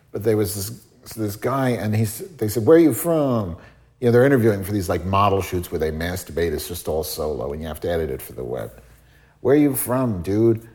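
Low-ish guy on a live stream, deadpan, swears a lot, wanders off topic. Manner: profane, deadpan, digressive; reads out and thanks donors. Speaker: livestream host. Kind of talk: rambling live-stream chat.

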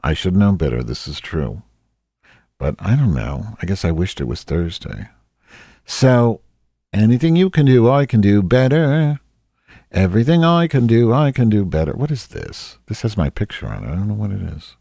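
A crude, self-mocking woman, as a man plays her rambles through a solo comedy monologue, losing her thread and filling gaps as she goes. The voice sits very low and dark. It is dry and close, with no room sound. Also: sing-song, normal speed, creaky, slightly rough, no echo, heavily acted. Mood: rambling. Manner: rambling, distracted, loses track with many fillers.

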